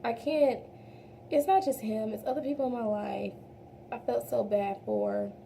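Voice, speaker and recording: A young woman with a mellow, somewhat high voice and a gravelly fry talks casually through a makeup routine. She chats straight to her viewers, calls them y'all, and often trails off and starts over. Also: unhurried, a little hiss or hum. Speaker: beauty vlogger. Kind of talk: casual makeup tutorial chat.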